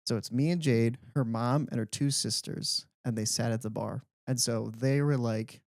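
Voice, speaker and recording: A young man chats casually on a podcast, telling stories with lively energy and a steady stream of "like". His voice sits at an ordinary pitch for a man. The recording is close and dry, with no room sound. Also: moderate pace, dry recording. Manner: animated storyteller, heavy use of "like". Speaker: podcast co-host. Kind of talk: casual chat.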